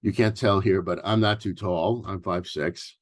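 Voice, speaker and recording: A man in his sixties from New York City giving a relaxed workshop talk as a therapist, mixing advice with personal stories and often pausing on fillers and restarts. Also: sits low, no room sound, studio quality. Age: 60s. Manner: loose and conversational, with many fillers and restarts. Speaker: workshop presenter, family therapist.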